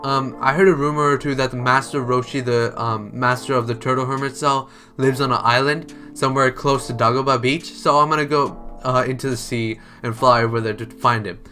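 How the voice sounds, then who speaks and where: A man voicing an earnest, eager teenage boy training to be a hero, talking excitedly with hesitant ums. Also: medium pitch, fairly quick, few pauses, soft background music, close to an everyday voice.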